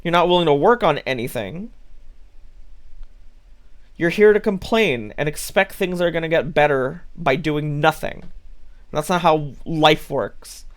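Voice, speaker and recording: A male streamer talks straight to his chat, blunt and scolding. He swears freely. His voice sits a little on the high side. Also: lively intonation, measured pace, pauses often. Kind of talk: live-stream talk to chat.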